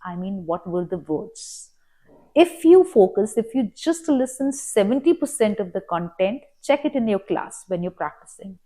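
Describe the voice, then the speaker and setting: A woman's voice: medium pitch, lively intonation, moderate pace, hardly any pauses, warm tone. A woman with an Indian English accent giving exam tips as a coach. She speaks in an earnest, explanatory way and walks through her advice step by step. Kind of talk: instructional talk to camera.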